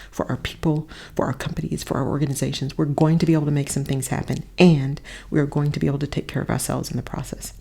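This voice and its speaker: A woman's voice: deep voice, warm tone. A woman host and coach giving an earnest, reflective motivational monologue, repeating phrases for emphasis and dropping to a near-whisper at times. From Texas. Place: a friend's house, not her usual space. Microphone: different setup than usual.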